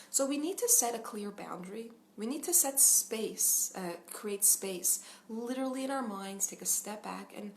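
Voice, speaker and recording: A woman's voice: a little high, slight background noise. A woman in her thirties, a parenting coach, talking earnestly and casually with lots of fillers and little laughs. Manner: earnest, chatty, laughs often, many fillers. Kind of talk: casual talking-head advice.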